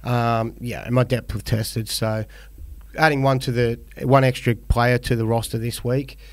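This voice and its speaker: A man's voice: mid-range voice, unhurried, no room sound. A man with an Australian accent co-hosting a fantasy footy podcast, chatting casually and rambling with lots of fillers. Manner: rambling, relaxed, many fillers. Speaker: podcast co-host. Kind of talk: casual chat.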